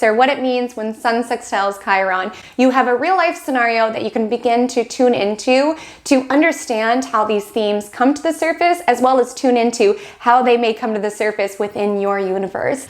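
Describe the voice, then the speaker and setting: A young woman hosting an astrology show, talking in a bubbly, chatty way and acting out dramatic quotes. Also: on the high side. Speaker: astrology channel host. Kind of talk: casual chat to camera.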